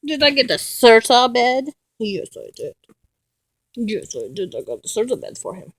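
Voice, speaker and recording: A woman's voice: on the high side, sing-song, normal speed, husky, no room sound, low-quality recording. A woman at home talking to her dogs in cooing baby talk. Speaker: dog owner.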